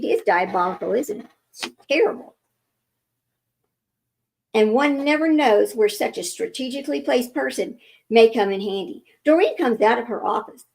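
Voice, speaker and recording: Gravelly woman reading with chatty asides. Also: a little high, rough recording. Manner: chatty, interrupts herself with asides and corrections. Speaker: reader of a book. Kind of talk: reading aloud with running commentary.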